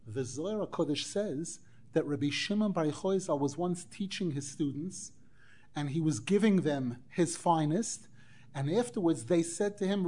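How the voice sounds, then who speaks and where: A man teaching a Torah class as a rabbi, animated, acting out quoted dialogue and weaving in Hebrew phrases. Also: on the high side, breathy edge. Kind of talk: Torah lecture.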